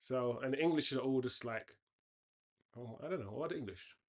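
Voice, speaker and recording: Casting note: male streamer, casual live match chat, rambling asides, sudden loud outbursts at the game, mid-pitched everyday voice. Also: brisk. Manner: chatty, reacts loudly to the game, rambling tangents. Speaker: host of a football watchalong.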